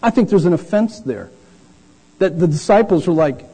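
Man preaching, animated, husky, mellow tone, acts out characters. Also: sits high, moderate pace, rough recording. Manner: animated, acts out voices of the disciples and the blind man. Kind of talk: sermon.

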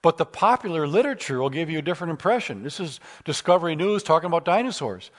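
A man giving a lecture with slides at a seminar, animated and telling humorous stories. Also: on the high side, fast talker. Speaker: speaker at a seminar.

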